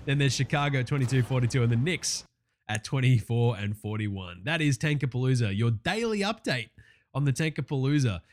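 A man with an Australian accent hosting a casual basketball podcast, ranting excitably and swearing a lot. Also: medium pitch, brisk. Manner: profane, excitable, laughing rants. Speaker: podcast host. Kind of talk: casual sports podcast chat.

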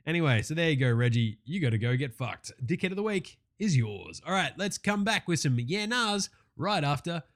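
Sweary excitable Australian podcast host. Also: male voice, on the high side, normal speed, hardly any pauses. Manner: profane, excitable, laughing rants. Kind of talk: casual sports podcast chat.

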